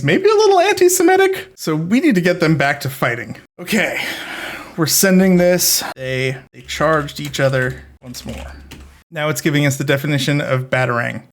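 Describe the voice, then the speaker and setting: A man hosting a video who reads an AI-written fight story aloud and makes amused, joking asides. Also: on the high side. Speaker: video host reading an AI story. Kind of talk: casual comedic commentary and reading aloud. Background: background music.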